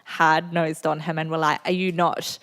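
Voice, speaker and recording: A woman's voice: deep voice, little pitch movement, moderate pace, fairly bright tone, clean tone. A woman in her thirties with a New Zealand accent, a guest author telling candid, funny stories on a festival stage. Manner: candid, funny storytelling with frequent laughter. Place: festival venue before an audience.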